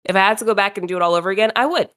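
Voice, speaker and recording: A young woman casually telling a story on a podcast, acting out other people's voices. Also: very fast. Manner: animated, acts out voices of others in high pitch. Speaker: podcast co-host.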